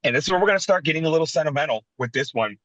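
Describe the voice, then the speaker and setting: A man in his thirties co-hosting a casual wrestling podcast, telling animated, sentimental stories. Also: on the high side, rapid-fire, no echo, low-quality recording. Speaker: podcast co-host.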